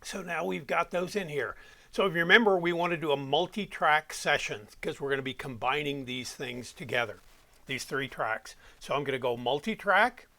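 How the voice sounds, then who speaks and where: Bright-voiced man teaching audio editing. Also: on the high side, normal speed. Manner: step-by-step, talks while clicking through software. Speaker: audio production instructor. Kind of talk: software walkthrough tutorial.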